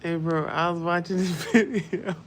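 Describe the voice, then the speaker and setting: A man's voice: sits high, normal speed, a bit bright, slight background noise. A man, rambling in a loose, joking monologue and often laughing. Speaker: vlogger.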